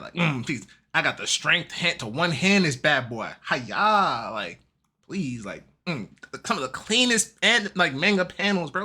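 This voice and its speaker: A man hosting a casual manga and game recap, talking in an animated, slangy way and laughing often. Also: on the high side, breathy edge. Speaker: YouTube host.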